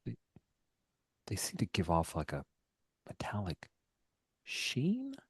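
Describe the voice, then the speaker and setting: Man, game master, very low voice, slow, relaxed descriptive narration, dry close sound. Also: husky, dry recording. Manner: descriptive, loose, with fillers and whispered asides.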